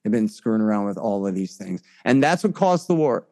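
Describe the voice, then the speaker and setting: A man giving conversational political commentary as an interview guest, emphatic and restarting often, his pitch climbing sharply when he gets indignant. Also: very animated, fairly quick, a little mellow.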